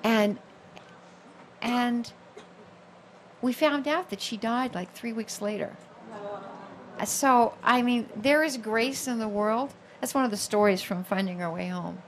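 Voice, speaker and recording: A woman in her fifties, an author telling a personal story in an animated, expressive way, acting out the voices of people she quotes. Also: fairly high pitch, slow pace, pauses often, a little hiss or hum. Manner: expressive, acts out quoted voices, many fillers.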